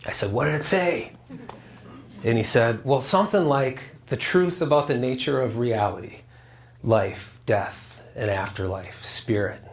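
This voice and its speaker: A man's voice: medium pitch, a little slow. A man telling a personal story to a live audience, earnest, acting out dialogue and asking the crowd questions, at times choked up. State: choked up, near tears. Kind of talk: storytelling talk with a spiritual message.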